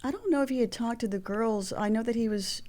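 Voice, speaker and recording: Talking fast in a slightly high voice, a woman in her sixties with Mexican heritage tells candid personal stories during an interview. She brings the phone calls she mentions to life, animatedly voicing each side.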